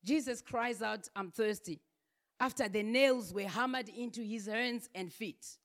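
A woman's voice: on the high side, measured pace. A woman preaching a sermon, building her points through emphatic repeated refrains.

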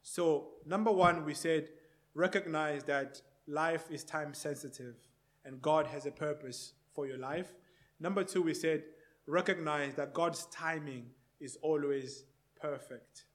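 A man preaching a sermon at a slow, deliberate pace, his voice sitting a little high for a man. He leans on repeated rhetorical questions, swelling loud for emphasis and then dropping to a hush. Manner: slow, repetitive rhetorical questions, swinging between loud and hushed.

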